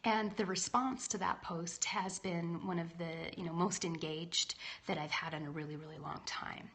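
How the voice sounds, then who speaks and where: A woman's voice: lowish voice, fairly even intonation, moderate pace, a bit bright. A woman in her thirties, a leadership coach, talking casually and candidly to livestream viewers and often checking in with "right?". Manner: chatty and candid, with frequent "right?" asides. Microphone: phone or laptop livestream.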